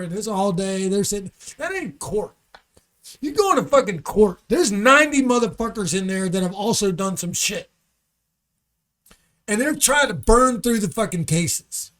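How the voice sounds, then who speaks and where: A man with a strikingly high voice tells a profane comic story in a podcast studio. He rants with energy and swears all the time. Now and then he mimics a shouting judge. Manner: animated ranting, swears constantly, mimics angry judges. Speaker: comedian guest.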